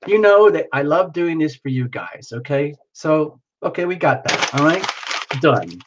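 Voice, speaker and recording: A man's voice: fairly high pitch, big pitch swings, measured pace, dull audio. A worn-out man hosting a tarot livestream, rambling casually and greeting viewers by name.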